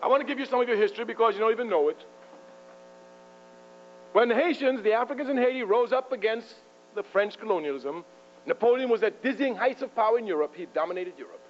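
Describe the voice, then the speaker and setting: Fiery high-voiced man lecturing. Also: lively intonation, quick pace. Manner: emphatic, provocative, chuckling often. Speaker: political speaker. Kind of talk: fiery lecture to a live audience. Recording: muffled lo-fi with faint mains hum.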